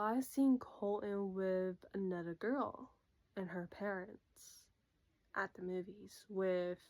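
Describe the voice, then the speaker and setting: Young woman vlogging a storytime, animated, keeps going "i'm like", mid-pitched voice. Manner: animated, quotes people with "I'm like". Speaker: YouTuber. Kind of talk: casual storytime chat.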